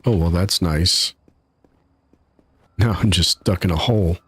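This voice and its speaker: A man's voice: low-pitched, a little slow, fairly bright tone, slightly rough, no room sound. A man casually commenting while he streams a game live, chatty and laughing at his own troubles from his home setup. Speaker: gaming streamer.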